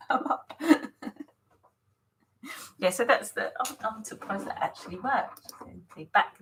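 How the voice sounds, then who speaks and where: A woman's voice: fairly low pitch, a bit bright, a little hiss or hum, rough recording. Chatty woman live-streaming her painting. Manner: chatty, scattered, often laughing, greeting viewers by name. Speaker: artist hosting a live stream. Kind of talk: casual live-stream chat while setting up to paint.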